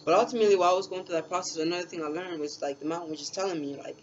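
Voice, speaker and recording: A young man with a somewhat high voice tells a rambling spiritual story in a casual, slangy way, peppered with swearing and fillers. The recording sounds dull and lo-fi. A faint hiss sits behind him. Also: very fast. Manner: laid-back slangy talk, heavy swearing and fillers. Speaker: spiritual vlogger.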